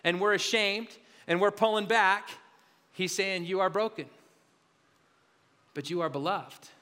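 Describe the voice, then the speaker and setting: A man's voice: high voice, fairly even intonation, unhurried, sharp tone. A male pastor preaching a sermon in an earnest, confessional way, often restarting and repeating his words. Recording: hall reverb.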